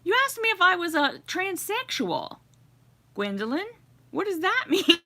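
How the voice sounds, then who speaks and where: In a very high, sing-song voice at a slightly slow pace, a middle-aged woman hosts a casual livestream from her fireplace-lit home. Giggly and chatty, she laughs often, greets viewers warmly and reads their comments aloud.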